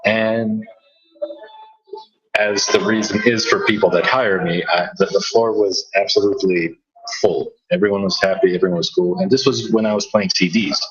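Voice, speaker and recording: Low-voiced man telling a rambling story. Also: steady tone, moderate pace, a bit bright, breathy edge, lo-fi sound. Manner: rambling with many restarts and stammers. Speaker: DJ and podcast host. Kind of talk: casual storytelling chat.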